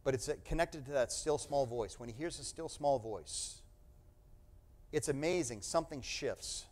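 A middle-aged man preaching a sermon, reading scripture aloud and explaining it, sometimes proclaiming loudly and sometimes dropping to a hush. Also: mid-range voice, measured pace.

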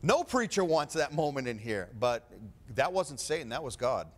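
A male preacher delivering a fervent sermon full of rhetorical questions, swinging between quiet talk and loud preaching. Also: mid-range voice, very animated, normal speed.

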